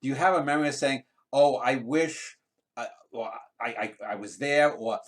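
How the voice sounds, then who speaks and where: Male host, mid pitch, rambling and hesitant questions, video call interview. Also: a little fast, a bit bright. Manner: long, meandering questions with many hesitations.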